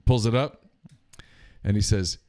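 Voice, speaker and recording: A man co-hosting a sports call-in show, settling into a long, deliberate story. His voice sits low, and he takes his time with every step of the telling. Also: warm tone, dry recording, clean studio sound. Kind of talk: casual chat.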